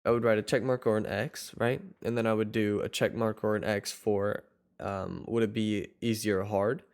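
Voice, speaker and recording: A man's voice: fairly low pitch, steady tone, normal speed, a little mellow, clear, resonant tone. A man coaching viewers step by step in a loose, rambling way, often restarting his sentences. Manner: rambling, self-correcting, loose and chatty. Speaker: online course coach. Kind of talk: casual tutorial talk.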